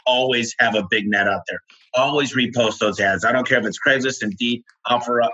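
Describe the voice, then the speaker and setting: A man's voice: medium pitch, a little fast, sharp tone, breathy edge, lo-fi sound. A man hosting a business interview, coaching in a direct, plain-spoken way. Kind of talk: interview chat.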